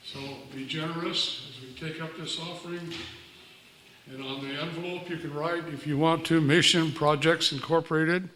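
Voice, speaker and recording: A man leading the service makes a plain, polite announcement to the congregation. He stands far from the microphone in a very echoey room. Clear background noise is mixed under his voice. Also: fairly high pitch, fairly even intonation, normal speed, pushed and bright. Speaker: church service leader. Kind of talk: church announcement. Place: church sanctuary. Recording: very echoey, distant from mic, noisy.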